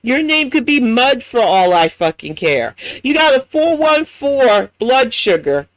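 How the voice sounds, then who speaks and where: A man with a New York accent delivers angry reaction commentary, cursing freely and mocking his target. His voice sits high for a man. The sound is dry and close, with no room around it. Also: a bit bright, dry recording. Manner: blunt, profane, mocking. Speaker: commentary host.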